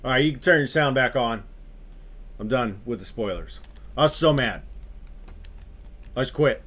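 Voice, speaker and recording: A man streaming a game, chatting casually with his viewers in an animated, ranting way and swearing freely. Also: mid-range voice, normal speed. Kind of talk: casual chat with live viewers.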